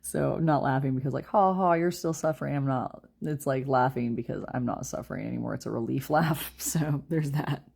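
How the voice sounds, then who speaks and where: A young woman giving a casual tarot reading, chatty and quick to laugh as she talks straight to her viewers. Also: very deep voice, creaky, mellow, husky. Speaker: tarot reader.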